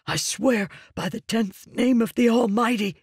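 A man voicing a cowering male prisoner who pleads in a high, frantic voice. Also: unhurried, breathy edge, no room sound, clean studio sound, heavily acted. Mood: pleading.

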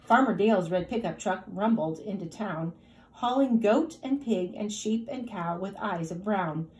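A woman teacher reading a rhyming picture book aloud in a lively, rhythmic way. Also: mid-range voice, measured pace.

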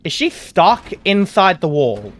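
Slow-talking sarcastic man gaming. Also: sits high, very animated. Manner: sarcastic, swearing, yells at game characters. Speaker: gaming YouTuber. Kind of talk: casual gameplay commentary.

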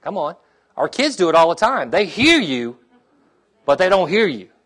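A middle-aged male pastor preaching a sermon, checking in with the congregation with "okay?" and "amen?" and dropping to a quiet, heartfelt tone when he talks about his own trials. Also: a little high, very animated, moderate pace.

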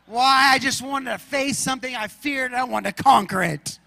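A man from Arizona preaching a sermon as pastor, telling stories in an animated way and acting out shouts and roars. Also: extremely high pitch, normal speed, gravelly, in a large hall. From Arizona, USA.

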